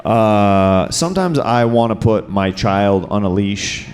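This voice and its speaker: A man's voice: fairly low pitch, expressive, a little slow, a little mellow. A man hosting and doing improvised stand-up on a comedy festival stage, loosely riffing on audience suggestions into a handheld mic. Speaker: host and comedian. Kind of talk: improvised stand-up and crowd work.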